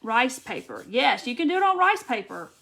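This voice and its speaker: A woman's voice: fairly high pitch, big pitch swings, normal speed, vocal fry, bright, forceful tone. A woman hosting a live craft tutorial, chatting and greeting viewers by name as she reads their comments and works.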